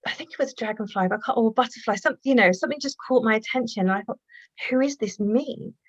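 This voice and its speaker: A woman guest telling a personal story in conversation, earnest and reflective, often halting and restarting. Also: a little high, dry recording, muffled recording. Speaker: guest, healer and author.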